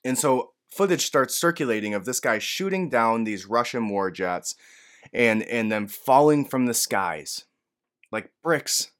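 A man giving casual, profane commentary on news videos, swinging from hushed retelling to loud outbursts. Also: mid-range voice, expressive, measured pace.

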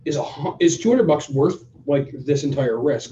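A man co-hosting a podcast, telling a story in a casual, animated way and acting out both sides of the conversation. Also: on the high side, moderate pace. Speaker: podcast co-host. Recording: roomy, distant, dull sound.

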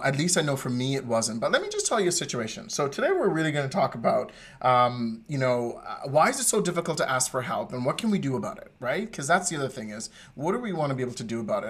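A man co-hosting a podcast who tells stories in casual chat. He is animated and digressive, and laughs often as he goes. His voice sits at an average pitch. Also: slightly rough. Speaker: podcast co-host.

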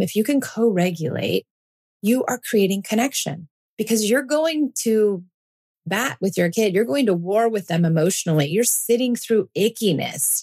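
A woman's voice: mid-range voice, a little mellow, breathy edge. A woman in her forties hosting a parenting podcast, talking listeners through her ideas in an earnest, reassuring monologue.

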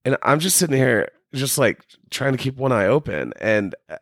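A man's voice: medium pitch, big pitch swings, normal speed, fairly bright tone, no echo, studio quality. A young man co-hosting a podcast, chiming in casually and chuckling as he tells stories. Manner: laid-back, chuckling, chimes in. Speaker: podcast co-host. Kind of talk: casual storytelling chat.

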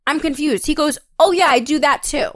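A young woman casually telling a dating story on a podcast, acting out the voices with lively quotes and the occasional swear. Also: fairly quick, no room sound, studio quality. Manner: animated, acts out quotes with a higher pitch, swears, laughs.

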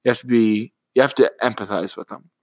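A man's voice: fairly low pitch, fast talker, no room sound. A man co-hosting a parenting podcast, talking casually and loosely, with lots of fillers. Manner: relaxed, rambling with many fillers. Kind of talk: casual conversational chat.

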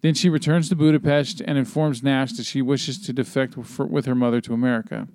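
A man's voice: medium pitch, level tone, a little fast, a little mellow, no echo. A man hosting a podcast, recapping a film plot in a loose, rambling way, full of fillers and casual swearing. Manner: rambling with many ums and swearing, reading a plot summary. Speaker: podcast host.

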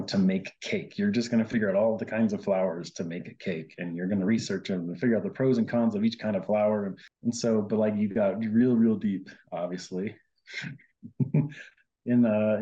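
A man's voice: fairly low pitch, dark tone, highs cut off. A man, a guest on the show, telling his side of a personal story in casual conversation, with lots of fillers and quoted lines of his own. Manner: chatty, quotes himself often, many fillers. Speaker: guest, host's husband.

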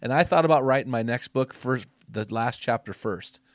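A middle-aged man giving a preaching-style podcast talk to men as ministry speaker and host, emphatic and exhortative, rising to loud punchy bursts. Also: mid-range voice, normal speed, dry recording.

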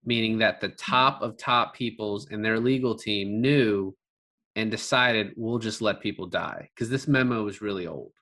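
Man, bright voice, casual film talk, animated, swears for emphasis. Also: lowish voice, moderate pace. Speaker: podcast co-host discussing a film. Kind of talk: casual conversation.

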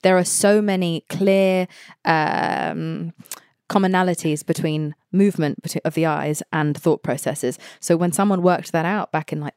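Woman guest, lowish voice, blunt and chatty, dry close mic. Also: darkish tone, clear, resonant tone, no echo. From England. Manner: frank, brisk, swears casually. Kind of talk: casual podcast chat.

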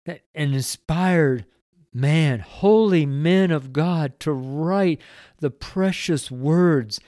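A man's voice: a little high, drawn-out words, mellow, no echo, studio quality. A middle-aged man reading the Bible aloud and talking about it in a devotional way. He is earnest and emotional, and his voice swells when he reads the praise passages. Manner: reads scripture aloud with rising fervor. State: choked up at times.

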